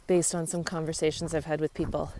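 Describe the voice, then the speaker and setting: A deep, dark-toned woman's voice moves fast with little pitch movement, over a little hiss or hum. She's a vlogger on a long-distance walk, chatting easily and cheerfully into a handheld phone on a rural trail and laughing readily in a casual travel vlog.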